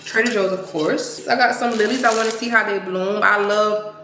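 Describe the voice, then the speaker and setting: A woman's voice: medium pitch, steady tone, moderate pace, bright, forceful tone, slight background noise. A woman, vlogging casually while running errands, chatty and heartfelt. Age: 20s. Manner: chatty and heartfelt, drifts into sung lines and praise. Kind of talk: casual vlog chat to camera. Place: out and about running errands, in a car and stores.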